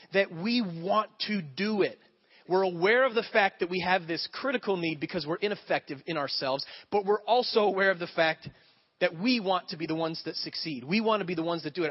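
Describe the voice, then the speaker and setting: A man preaching a sermon as a pastor, telling stories with animated acted-out voices. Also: high-pitched. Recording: dull lo-fi sound.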